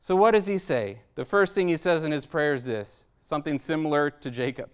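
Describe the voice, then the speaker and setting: High, smooth-voiced male preacher. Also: a little fast, hardly any pauses. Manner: emphatic, rhetorical, tags points with "right?". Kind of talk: sermon.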